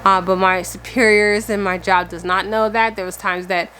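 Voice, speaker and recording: A woman's voice: medium pitch, fairly even intonation, moderate pace, sharp tone, faint music behind. A woman in her thirties talking candidly and casually in a vlog, a little out of breath and laughing now and then. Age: 30s. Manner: chatty and candid, laughing often. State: slightly out of breath. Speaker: family vlogger.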